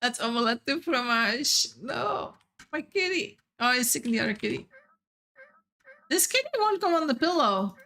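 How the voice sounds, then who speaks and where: Bright, chatty young woman gamer. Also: fairly high pitch, lively intonation, moderate pace. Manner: rambling, chatty, laughs often. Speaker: game streamer. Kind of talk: casual chat while gaming.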